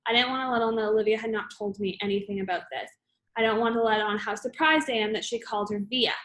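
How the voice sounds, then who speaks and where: A woman's voice: on the high side, steady tone, quick pace, a bit bright, rough recording. A woman reading a novel aloud in first person, plainly, with small slips and self-corrections. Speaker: audiobook reader.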